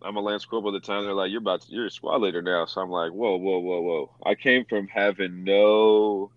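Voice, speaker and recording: A man's voice: deep voice, brisk, dry recording, dull audio. A young man, a former Marine, telling stories in casual, profane talk and acting out the voices of others. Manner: animated, acts out quotes with swearing. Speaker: veteran guest telling war stories.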